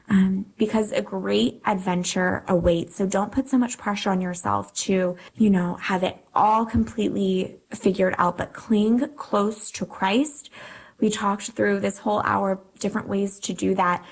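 Woman with a gravelly edge, earnest guest. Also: medium pitch, poor audio. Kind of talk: faith talk show.

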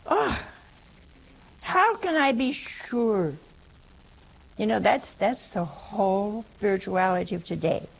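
Woman preacher, unhurried, husky and a bit gravelly, joking with her listeners. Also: mid-range voice, animated, poor audio. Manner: teasing, chatty, talks straight to listeners. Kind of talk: humorous teaching sermon.

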